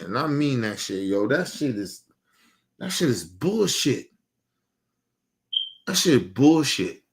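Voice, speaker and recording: A man streaming an emotional, profane rant, repeating himself with heated questions and trailing off into low mutters.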